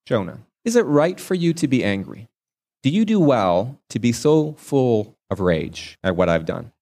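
A man voicing God as a patient, grave figure who asks quiet questions in a sermon retelling. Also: medium pitch, very animated, unhurried, vocal fry, full character voice. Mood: gently questioning.

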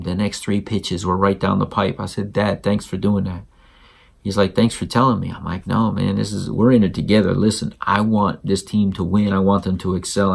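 A man with a very deep, gravelly voice that has a husky edge hosts a casual podcast monologue. He talks earnestly and emphatically, circling back to repeat his points. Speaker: podcast host.

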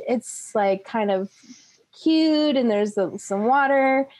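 A young woman casually recapping a tabletop game session, rambling, laughing and slipping into quick character voices. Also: a little high, expressive, darkish tone.

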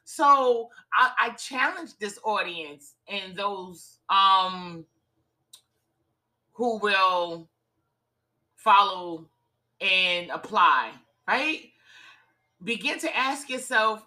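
A woman's voice: mid-range voice, animated, drawn-out words, pauses often, bright, forceful tone, poor audio. A woman hosting a motivational talk, upbeat and encouraging, smiling as she speaks in repeated call-and-response phrases. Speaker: host and author.

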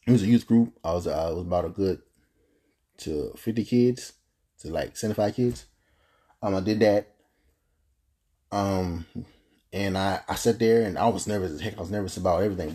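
A man's voice: deep voice, mellow, slightly rough. A young man telling a personal story in a casual, earnest, rambling way, full of restarts. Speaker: podcast host telling his story.

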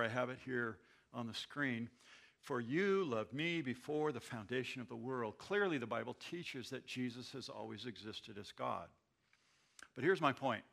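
Man, pastor, sermon, gravelly, bright tone, emphatic with quiet asides. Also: mid-range voice. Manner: emphatic, swings between loud declarations and quiet asides. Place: church.

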